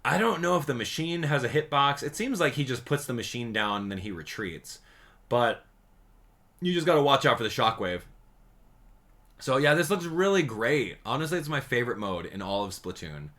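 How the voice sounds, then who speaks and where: A gaming YouTuber man giving slangy, excitable commentary on a game trailer, swinging between hype and sarcasm. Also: mid-range voice, normal speed.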